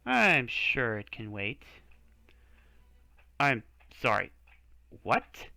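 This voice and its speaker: A man's voice: medium pitch, pushed and bright, dry recording. A man streaming a game, reading its dialogue and adding wry, joking asides. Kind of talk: playthrough commentary and reading dialogue.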